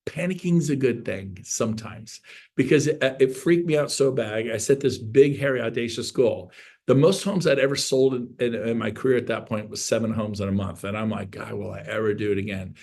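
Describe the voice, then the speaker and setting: A man's voice: medium pitch, a little mellow, slightly rough. A man in his fifties giving a motivational real estate coaching talk on a video call, emphatic and preachy, repeating key points and acting out quotes. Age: 50s.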